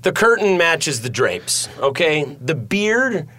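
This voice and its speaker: A man's voice: fairly high pitch, sing-song, slow, sharp tone. A man co-hosting a podcast in casual chat from a studio, rambling through jokey stories and laughing often. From United States. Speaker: podcast co-host.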